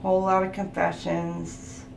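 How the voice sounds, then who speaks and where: This tarot reader has a fairly low, gravelly voice and a completely flat delivery, taking her time at a measured pace. Still, she's chatty during the casual reading, laughing often and naming the card keywords. Faint noise can be heard in the roomy space.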